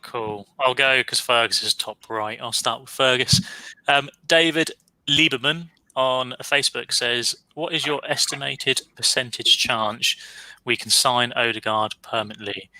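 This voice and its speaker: Bright-voiced man reading listener questions. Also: medium pitch, steady tone, rough recording. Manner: brisk, reads out listener questions. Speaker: podcast co-host reading questions. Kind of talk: casual chat.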